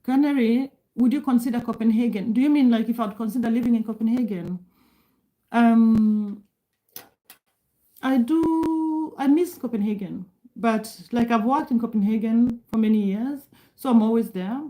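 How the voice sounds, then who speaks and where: Woman, from Kenya, middle-aged, live-stream host, casual chat, mellow, slightly high voice. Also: moderate pace, poor audio. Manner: chatty, apologetic, laughs often, restarts sentences.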